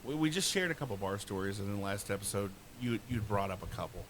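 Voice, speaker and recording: Bright, excitable man on a podcast. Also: fairly low pitch, fast talker, slight background noise. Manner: laughing, excitable, profane. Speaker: podcast co-host. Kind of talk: casual storytelling chat.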